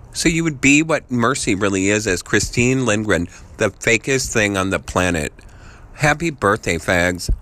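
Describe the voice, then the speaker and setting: A man leaving a voice message, ranting angrily, swearing constantly and jumping from idea to idea, his voice repeatedly jumping higher and louder. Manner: angry, swearing constantly, jumping between ideas; voice repeatedly jumps higher and louder mid-rant. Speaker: voice message sender. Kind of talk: profane rambling rant.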